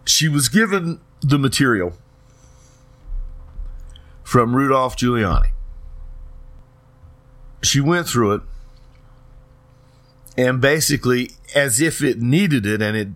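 A man's voice: mid-range voice, animated, takes it slowly, long pauses, fairly bright tone. A man hosting a talk show, talking casually and rambling, with frequent restarts and hesitations. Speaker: radio talk host.

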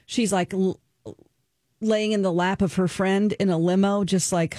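A woman co-hosting a talk radio show speaks at a medium pitch with an earnest, open manner. She sounds emotional and personal as she talks through her own experiences. Her voice is recorded close on a studio mic with a dry sound and no room echo. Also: fairly even intonation, measured pace, pauses often, warm tone. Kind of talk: casual talk-radio chat, reviewing a documentary.

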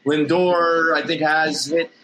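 A man's voice: fairly high pitch, fairly even intonation, takes it slowly, a bit bright, a little hiss or hum, poor audio. A middle-aged man co-hosting a casual sports podcast, rambling with restarts and easy laughter. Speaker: podcast co-host.

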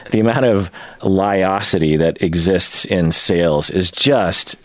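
Man, lowish voice, dry close sound, wry and exasperated chat partner. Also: takes it slowly, fairly bright tone, dry recording. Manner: wry, exasperated, coins joke words. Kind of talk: casual chat.

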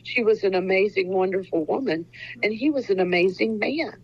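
A woman's voice: mid-range voice, moderate pace, lo-fi sound. A woman in her sixties from Ohio, an author talking earnestly in a casual interview, rambling with many fillers. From Ohio, USA. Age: 60s. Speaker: author guest.

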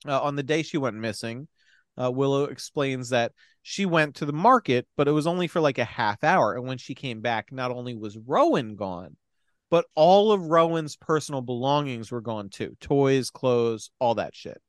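In studio-quality audio with no room sound, a young podcast co-host with a medium-pitched, lively voice retells a film at a normal speed. Chatting casually, he performs the characters' dialogue, laughing and cursing as he goes.

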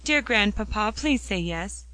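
A woman's voice: mid-range voice, expressive, measured pace, bright, forceful tone, dry recording, rough recording. A woman voicing an earnest young girl who pleads breathlessly. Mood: pleading.

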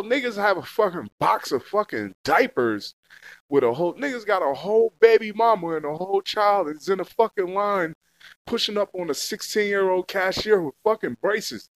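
A young man with a high voice rants casually, swearing often and circling back to the same points. The sound is dry and close, with no room around it. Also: animated, normal speed, dry recording. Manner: heated, repetitive, heavy slang and swearing. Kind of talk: casual profane rant to camera.

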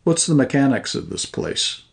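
A man's voice: mid-range voice, very animated, moderate pace, creaky, voice pushed up. A man voicing an irritable thirty-eight-year-old traveller who talks tersely and with exasperation. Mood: exasperated.

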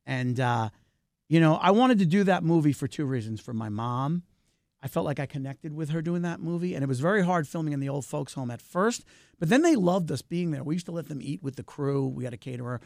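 A middle-aged man in a casual interview, chatting animatedly about his work. His voice sits a little high for a man and carries a gravelly edge. The sound is close and dry. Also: fairly quick, no room sound. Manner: animated, talkative, wide pitch swings. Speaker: filmmaker, guest.

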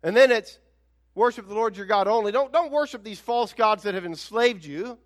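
A male pastor preaching a sermon in an animated, conversational way, with emphatic rhetorical questions. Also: sits high, moderate pace.

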